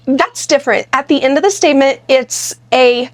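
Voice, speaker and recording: A woman's voice: high voice, steady tone, moderate pace. A woman co-hosting a podcast, explaining points directly and walking through examples. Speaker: podcast co-host. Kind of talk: casual conversational podcast talk.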